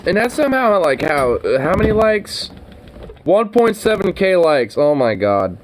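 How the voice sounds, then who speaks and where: A male streamer chats casually with viewers, his pitch swinging widely as he laughs and jokes. He swears freely and makes dry, sarcastic remarks. A faint noise sits under his voice. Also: sing-song, unhurried. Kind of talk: casual live-stream chat.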